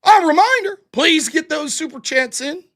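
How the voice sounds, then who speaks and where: Guy hosting a call-in stream, really high voice, bouncy and sarcastic, needling the caller. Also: animated, normal speed, sharp tone. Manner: mocking, sarcastic, argumentative. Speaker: host of a live call-in show. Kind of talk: live-stream call-in argument.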